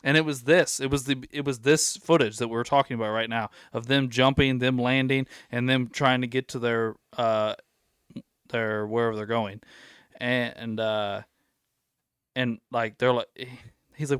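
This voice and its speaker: A man's voice: mid-range voice, steady tone, unhurried, fairly bright tone, smooth, no room sound, studio quality. A man hosting a casual podcast, telling stories at length and acting out what people said. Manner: rambling storyteller, acts out quotes. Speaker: podcast host.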